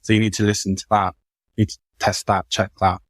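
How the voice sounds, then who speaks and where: A man's voice: fairly low pitch, level tone, a little fast, no room sound. A man, a guest consultant talking casually on a podcast, often repeating words as he goes. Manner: chatty, repeats words and restarts a lot.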